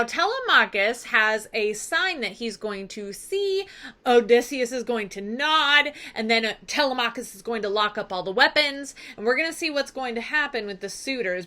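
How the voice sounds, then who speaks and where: A woman teacher who recaps a story in a casual, animated and playfully dramatic way. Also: fairly high pitch.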